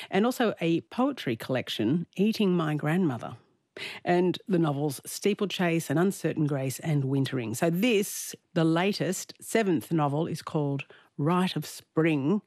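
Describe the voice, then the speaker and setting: A woman hosting a radio book discussion, easygoing and chatty, quick to giggle. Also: low voice, darkish tone, dry recording, clean studio sound. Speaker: radio host.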